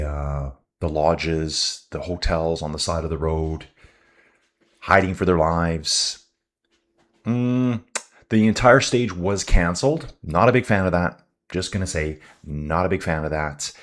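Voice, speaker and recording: A man hosting a live cycling stream, giving chatty commentary and ranting about the race to his viewers. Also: low-pitched.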